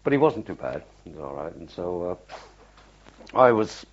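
An older man, a war veteran, recalling his experiences in an oral history interview, telling it haltingly with many fillers and restarts. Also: deep voice, sing-song, highs cut off.

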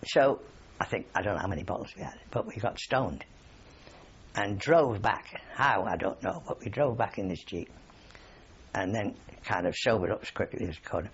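Gravelly, husky older man reminiscing. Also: lowish voice, expressive, moderate pace, lo-fi sound. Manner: rambling anecdotal storytelling, chuckles often. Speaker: war veteran interviewee. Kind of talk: oral history interview.

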